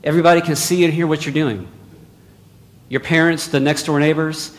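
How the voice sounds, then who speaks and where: A male preacher delivering a sermon, dropping to hushed asides and then rising to loud exclamations. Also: fairly high pitch, steady tone, a little fast. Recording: long hall reverb.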